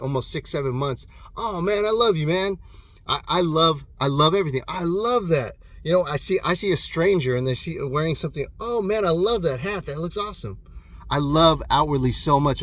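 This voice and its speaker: A man in his thirties giving an impassioned, profane motivational monologue alone in his room, swinging between loud bursts and hushed intensity. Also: fairly high pitch. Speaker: motivational vlogger.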